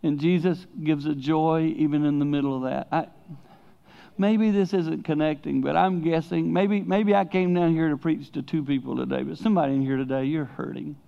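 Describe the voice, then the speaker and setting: Casting: middle-aged preacher, gravelly voice, candid storytelling, lo-fi recording. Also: male voice, fairly high pitch, normal speed. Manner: candid, confessional, animated storytelling. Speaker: traveling preacher. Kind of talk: sermon to a youth congregation.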